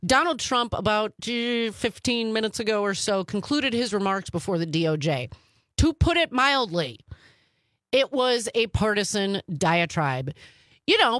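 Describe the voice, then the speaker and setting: A woman's voice: medium pitch, dry recording, clean studio sound. A woman hosting a talk radio show, opinionated and emphatic, stretching out words to make her points. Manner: animated and emphatic, dragging out key words. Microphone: studio microphone.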